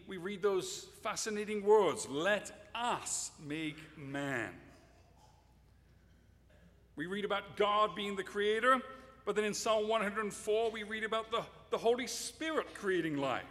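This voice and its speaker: A man delivers a sermon in a fairly high voice, stressing key words and at times speaking straight to the children. His voice rings out with a long reverb trailing behind it. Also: fairly bright tone. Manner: emphatic, addresses children directly. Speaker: preacher.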